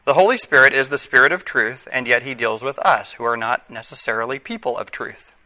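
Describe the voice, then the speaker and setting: A man's voice: mid-range voice, fairly quick, bright, forceful tone, rough recording. A man, likely a father of young children, preaching a conversational sermon with wry asides and self-corrections.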